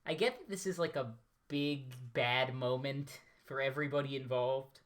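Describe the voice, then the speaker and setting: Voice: mid-range voice, normal speed. A player in a casual tabletop game, chatty and self-deprecating.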